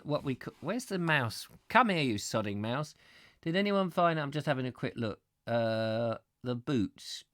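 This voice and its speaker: A man reads from a book on a live stream with a lively, swooping voice that drifts into playful, rambling chatter with his viewers. The sound is dry and close, with no room around it. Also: on the high side, no echo. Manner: playful, rambling, chuckling asides. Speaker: live-stream host reading a book aloud. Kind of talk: reading aloud with chatty asides to viewers.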